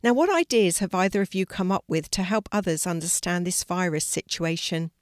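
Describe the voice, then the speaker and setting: A woman's voice: lowish voice, expressive, fairly quick, no room sound, studio quality, lightly acted. An older woman reading a storybook, voicing a cheerful, organised young schoolgirl in a lifted voice.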